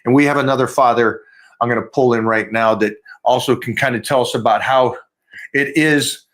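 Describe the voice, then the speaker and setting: A man's voice: mid-range voice, fairly even intonation, moderate pace, a bit bright. A man hosting a casual video call chat, speaking frankly and sounding frustrated. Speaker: host.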